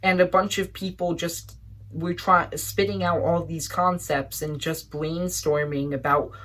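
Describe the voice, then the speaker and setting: A woman's voice: on the low side, steady tone, measured pace, a bit bright. A woman giving a casual, emphatic movie review, often exasperated and full of "like" and repeated words.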